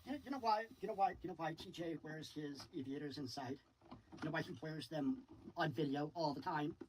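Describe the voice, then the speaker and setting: A man's voice: fairly high pitch, brisk. Taunting man on a distant stream mic. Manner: taunting, repetitive, sing-song ridicule. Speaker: stream panel guest. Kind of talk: mocking banter on a livestream. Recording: distant mic with faint background noise.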